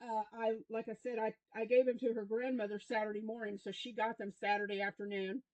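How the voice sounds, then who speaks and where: A woman's voice: a little high, level tone, fairly quick, dry recording. A grandmother in her fifties with a Southern American accent, chatting to camera about her week in a rambling, restarting way. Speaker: crochet vlogger. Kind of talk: casual chat to camera.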